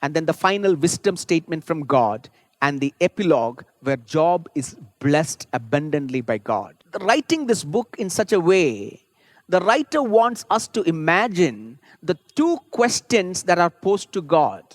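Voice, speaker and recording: A man's voice: a little high, big pitch swings, measured pace, no echo. A man preaching a sermon as a pastor, earnest and rising to fervent emphasis. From India.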